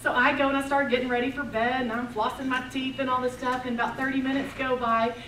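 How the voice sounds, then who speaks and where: A middle-aged woman giving a storytelling sermon at a retreat, animated and acting out the dialogue in her stories. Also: high-pitched, quick pace. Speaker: retreat speaker. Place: retreat meeting room. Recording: echoey hall, distant mic, background noise.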